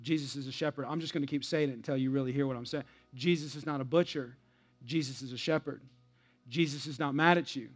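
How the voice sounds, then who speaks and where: A man's voice: mid-range voice, steady tone, fast, faint music behind. A male pastor preaching a sermon, emphatic and repetitive, reading a story aloud and building to an appeal.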